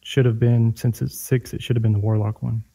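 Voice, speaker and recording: A man's voice: mid-range voice, flat delivery, brisk, gravelly, crowd noise, low-quality recording. A man playing in a tabletop game who chats casually in a laid-back way. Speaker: player.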